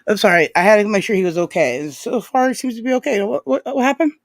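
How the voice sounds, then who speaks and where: A woman's voice: medium pitch, quick pace, no room sound. A Californian woman in casual video-call chat, sassy and blunt. Her mid-range voice sounds dry and close, with no room around it.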